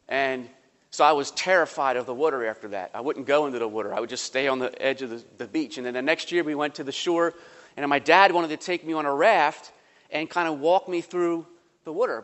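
A man preaching a sermon as pastor, telling stories and moving between soft, quiet passages and emphatic ones. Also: on the high side, fairly quick, in a large hall.

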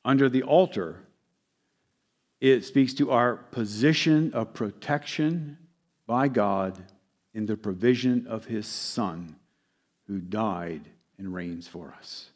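A pastor preaching a sermon, his voice swelling loud and then dropping soft for emphasis. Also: lowish voice, takes it slowly.

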